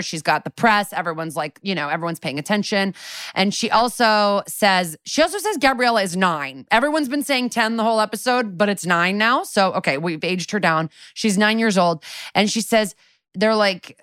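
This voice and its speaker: A woman's voice: fairly low pitch, brisk, a bit bright, no echo, studio quality. A woman co-hosting a podcast, chattily recapping a TV episode with sarcastic asides and quoted lines. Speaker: podcast co-host. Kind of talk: casual recap chat.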